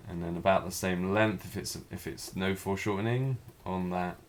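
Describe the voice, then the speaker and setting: A man teaching a live figure drawing class, talking through each stroke as he draws, in a relaxed, thinking-aloud way. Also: sits low, moderate pace, a little hiss or hum.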